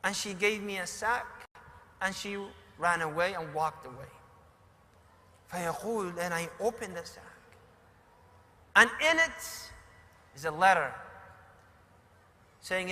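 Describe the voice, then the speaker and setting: A man preaching in English, telling a story with quiet passages and sudden shouted emphasis. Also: high-pitched, animated, a little slow, pauses often. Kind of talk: sermon storytelling. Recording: hall reverb.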